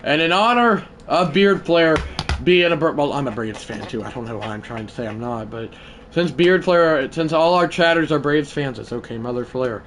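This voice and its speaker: A man streaming a baseball video game live, talking to his chat between pitches and breaking into mock play-by-play calls. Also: moderate pace. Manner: mock play-by-play announcing, excitable; chatty asides to viewers.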